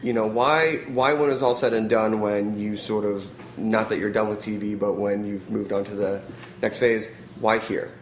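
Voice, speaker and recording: A man's voice: fairly low pitch, steady tone, moderate pace, reverberant, slight background noise. A man hosting a radio interview, asking long, winding questions. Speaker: radio show host.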